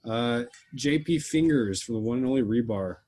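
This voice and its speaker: Husky young guy hosting a podcast, rambly and joking around with his buddies. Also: mid-range voice, animated, moderate pace, mellow. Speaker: podcast host. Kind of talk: casual chat.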